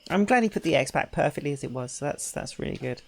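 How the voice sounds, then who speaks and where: A woman's voice: low voice, expressive, quick pace, creaky, a little hiss or hum. A woman streaming a game, chatting casually and joking at her own expense while she plays. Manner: chatty, self-deprecating, talks to chat. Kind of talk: casual gameplay commentary.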